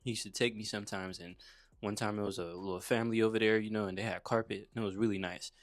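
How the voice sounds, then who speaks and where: A young man from Saint Croix tells his own story in a relaxed, slang-heavy way. His voice sits a little low. The sound is dry and close, with no room echo. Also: fast talker. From Saint Croix, US Virgin Islands. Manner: slangy and laid-back, peppered with "bruh" and "you feel me". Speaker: motivational vlogger. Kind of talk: casual personal storytelling.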